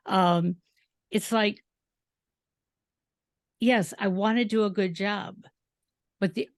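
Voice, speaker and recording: A woman's voice: medium pitch, no echo. A woman hosting a podcast interview, telling stories from her own work and acting out the dialogue as she goes. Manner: storytelling, acts out dialogue. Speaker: podcast host. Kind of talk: casual interview chat.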